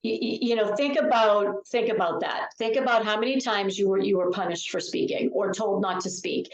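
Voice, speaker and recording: A woman's voice: medium pitch, normal speed. Emphatic woman author in an echoey room. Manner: emphatic, repeats key phrases. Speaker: author and confidence speaker. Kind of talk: podcast interview.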